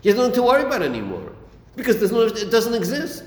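A man's voice: sits high, huge pitch swings, quick pace. A man teaching a Chasidic text class, acting out dialogue and repeating his phrases. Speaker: Torah teacher. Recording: echoey room with long reverb.

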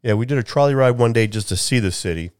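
A man's voice: mid-range voice, smooth, no room sound. Guy rambling about a road trip, voice jumps all over, dry close mic, keeps repeating himself. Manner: animated storyteller, acts out people he quotes; halting, repeats words. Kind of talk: casual chat.

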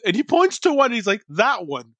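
A man's voice: extremely high pitch, normal speed, dry recording, lo-fi sound. A man from an Iraqi family co-hosting a podcast, telling a story in casual chat and acting out the voices of the people in it. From Iraqi family, grew up abroad. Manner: animated, acts out voices in his story. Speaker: podcast co-host.

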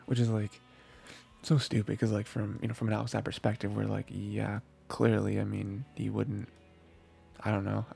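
A man hosting an anime podcast recaps episodes in a rambling, casual chat packed with fillers and restarts. His gravelly, husky voice is fairly low and mellow, delivered flatly at normal speed, with faint music in the background.

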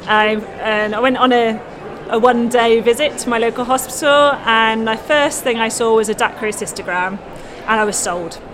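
A woman lecturer chats as an interview guest. She talks in a giggly, easygoing way and often restarts her sentences. Her voice sits fairly high, with steady noise behind her. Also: normal speed. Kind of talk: conversational interview.

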